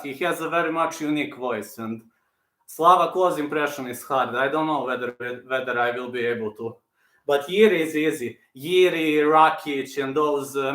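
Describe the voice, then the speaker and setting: A channel host with a slightly high, fairly bright voice chats casually on his live stream, replying to viewers and repeating himself a lot. The room gives the audio a roomy echo.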